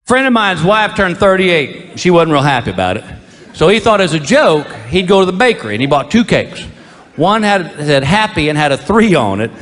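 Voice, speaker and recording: A man delivers stand-up one-liners in a deadpan way, his pitch swinging widely between lines. The recording carries a long, ringing reverb. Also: normal speed. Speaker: stand-up comedian. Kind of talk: stand-up routine.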